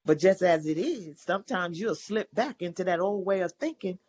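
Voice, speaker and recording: A woman's voice: fairly low pitch, animated, normal speed, a little mellow, breathy edge. A woman in her forties giving an emotional personal testimony at a recovery meeting, acting out the dialogue in her story. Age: 40s. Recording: dull lo-fi recording.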